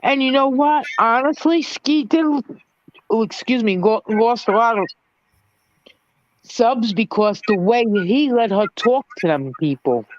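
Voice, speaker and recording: A woman's voice: a little high, expressive, measured pace, muffled recording. A woman on a casual gossip panel, blunt and laughing at her own stories.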